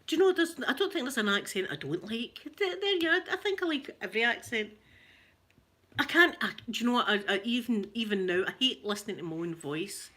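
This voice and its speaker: Lively rough-voiced Scottish woman. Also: fairly high pitch, brisk. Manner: chatty, laughing, tells stories to viewers. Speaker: livestream host chatting with viewers. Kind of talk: casual live chat.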